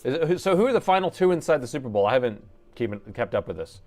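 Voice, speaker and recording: A man's voice: medium pitch, sing-song, fast, darkish tone, soft background music. A middle-aged man live-streaming a laptop repair, chatting loosely and joking with viewers as he works. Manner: jokey, reads chat aloud, chatty asides. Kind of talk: casual live-stream chat while working.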